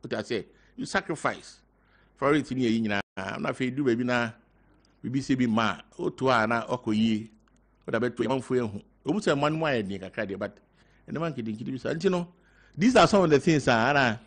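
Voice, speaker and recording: An older man with a Ghanaian accent, talking as a guest on a talk show, halting and mixing in local words. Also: mid-range voice, lively intonation. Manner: halting, mixing in local words, growing loud when telling a story. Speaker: guest party member. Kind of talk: casual talk show interview.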